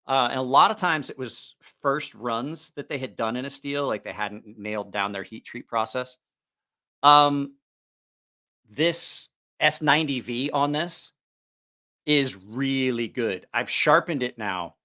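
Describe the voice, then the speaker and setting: Bright-voiced man hosting a casual livestream. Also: medium pitch, a little slow. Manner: rambling, self-correcting, jokey. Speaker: knife channel livestream host.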